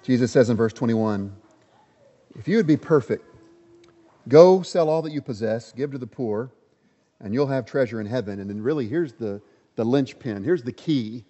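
A man's voice: mid-range voice, expressive, moderate pace, mellow. A man preaching a sermon, reading scripture aloud and repeating lines with rising emphasis, in a large hall. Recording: muffled sound with long hall reverb.

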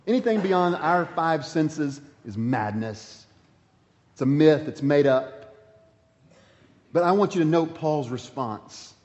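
A man preaching a sermon, swinging between loud emphasis and quiet, intense passages. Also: a little high. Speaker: pastor. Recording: dull sound with long hall reverb.

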